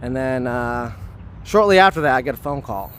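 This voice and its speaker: A man telling a personal story to camera outdoors, rambling and earnest, filling every pause with "you know" and "like" and hurrying to finish. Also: mid-range voice, expressive, fairly bright tone, slight background noise. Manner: hurried, wanting to finish quickly. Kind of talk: casual spoken recollection.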